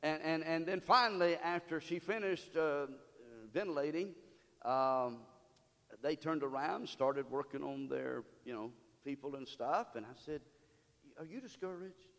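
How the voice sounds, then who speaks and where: A pastor preaching a sermon in a church, building from storytelling to loud call-and-response exhortation. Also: male voice, fairly high pitch, unhurried, vocal fry, in a large hall. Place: church sanctuary.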